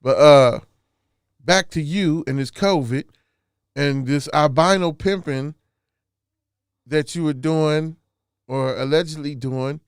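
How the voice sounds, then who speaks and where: A man hosting a casual comedy show, teasing his co-host and halting with frequent fillers. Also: a little high, clean tone, no room sound, studio quality.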